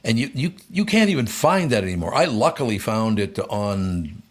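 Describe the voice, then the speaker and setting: A man's voice: lowish voice, sing-song, normal speed. An older man co-hosting a casual chat, blunt and opinionated. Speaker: co-host.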